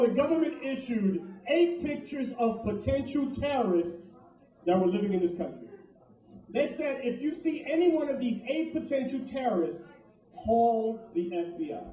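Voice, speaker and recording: A high-pitched man works a comedy club crowd, swearing freely and riffing with the audience. He's caught from a distance, and the room rings with echo. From Puerto Rico heritage, New York. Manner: profane, animated, talks to the crowd. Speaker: stand-up comedian. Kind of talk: stand-up comedy set. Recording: echoey club from far off.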